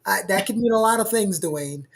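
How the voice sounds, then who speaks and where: A man's voice: high voice, brisk, vocal fry, slightly rough. A man producing and co-hosting a livestream, chatting casually in a teasing, exasperated way over a video call.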